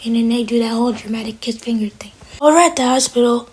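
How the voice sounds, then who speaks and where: A woman's voice: on the high side, darkish tone, slightly rough, poor audio. A woman recapping a TV episode in a casual, chatty way. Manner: fast, chatty retelling. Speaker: TV episode reviewer.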